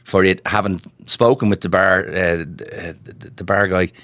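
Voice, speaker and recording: A man's voice: low voice, steady tone, moderate pace, a bit bright, no echo. A middle-aged Irish man, a guest comedian, telling rambling anecdotes in casual chat, full of restarts and "you know". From Ireland. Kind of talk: casual storytelling.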